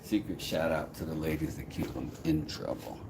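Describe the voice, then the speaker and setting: A man's voice: rumbling low, moderate pace, gravelly. A man streaming live and chatting casually while doing woodwork, joking and talking to himself as he goes. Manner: jokey, talks to himself while working. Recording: noisy background ambience.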